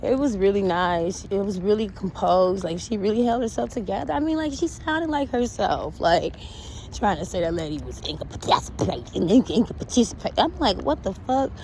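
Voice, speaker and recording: Chatty woman on a walk outside, blunt and animated, cursing a lot, middle pitch, bit of faint noise around. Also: moderate pace, rough recording. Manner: animated, blunt, swears freely, laughs often. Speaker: vlogger reacting to an interview. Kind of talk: casual chat. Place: outdoors on a walk.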